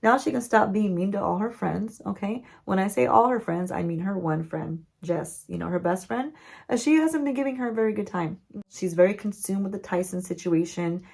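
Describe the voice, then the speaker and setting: A woman beauty vlogger telling a playful, chatty story-time recap with lots of asides to her viewers. Her mid-pitched voice carries a gravelly fry. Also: expressive, fairly quick, a little mellow. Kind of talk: story-time recap while doing makeup.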